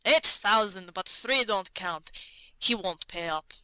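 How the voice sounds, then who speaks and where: A woman reading an audiobook who voices a loud, hard-drinking male cavalry officer with a booming manner. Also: slow pace, clean tone, dry recording, low-quality recording. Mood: boisterous. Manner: loud, boisterous.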